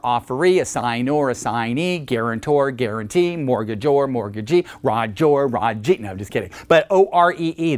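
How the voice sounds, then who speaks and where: A male instructor giving a recorded accounting lecture in a lively, joking way, acting out short phone calls to explain his points. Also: on the high side, smooth, dry recording. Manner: lively, jokey, acts out little phone calls.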